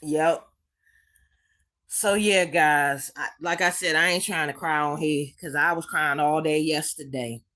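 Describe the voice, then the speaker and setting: Tearful woman hosting a slow live chat. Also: sits low, fairly even intonation, sharp tone. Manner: tender, calls people sweetie and baby, repeats herself. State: holding back tears. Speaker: livestream host reading chat.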